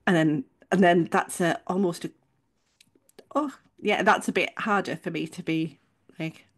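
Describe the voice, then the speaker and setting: A woman's voice: on the low side, a little slow. A woman from England co-hosting a podcast, telling stories in a chatty, rambling way with frequent restarts and self-corrections. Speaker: podcast co-host. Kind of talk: casual chat.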